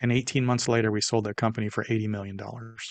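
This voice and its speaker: An older man, a guest in an interview, telling a personal story in a casual, animated way. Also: on the low side, quick pace, no room sound.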